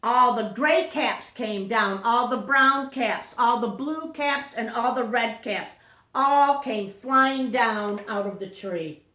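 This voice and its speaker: A woman teacher reading a picture book aloud to young children, taking it very slowly. Her voice is fairly high, and she often pauses to ask questions. The sound rings in an echoey room. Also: bright, forceful tone. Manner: slow, questioning storytime delivery.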